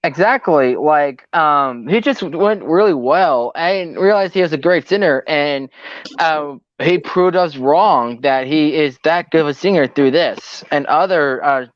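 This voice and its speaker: A man's voice: fairly high pitch, unhurried, no echo. A young man co-hosting a casual podcast chat, speaking hesitantly with many ums and restarts. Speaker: co-host. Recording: dull lo-fi recording.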